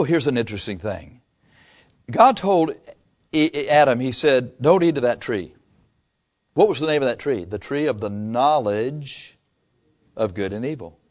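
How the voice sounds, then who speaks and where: A man preaching a sermon in a folksy, animated way, reading scripture briskly and dropping to low asides between loud points. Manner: reads scripture in a brisk run.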